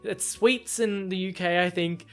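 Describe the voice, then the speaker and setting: A young Australian man in his twenties, hosting his own podcast and telling stories in an animated, self-mocking way. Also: high voice, measured pace, faint music behind. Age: 20s. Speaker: podcast host. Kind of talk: casual solo podcast storytelling.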